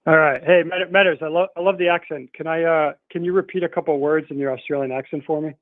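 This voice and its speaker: A man's voice: fairly high pitch, fairly even intonation, fast talker, dry recording. A man calling in to a show, eager and joking as he asks the host for favors. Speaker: caller. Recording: tinny phone line.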